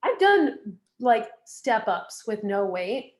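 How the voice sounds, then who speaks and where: A woman's voice: on the high side, big pitch swings, takes it slowly. A young woman guest on a podcast, talking casually with lots of fillers and giving direct advice. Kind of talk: casual interview chat.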